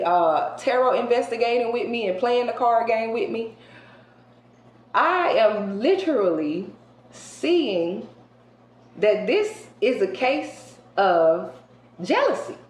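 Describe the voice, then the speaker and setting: A woman doing a casual tarot card reading for her viewers. She talks colloquially and emphatically, jumping between loud outbursts and hushed asides. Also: on the high side, animated, takes it slowly. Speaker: tarot reader. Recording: roomy echo with faint background hiss.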